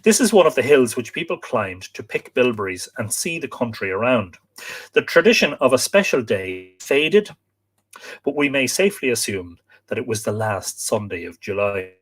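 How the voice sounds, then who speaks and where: A man's voice: mid-range voice, very animated, normal speed, husky. Irish man reading aloud on a live stream. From Ireland. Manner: spells out place names letter by letter, chatty asides to viewers.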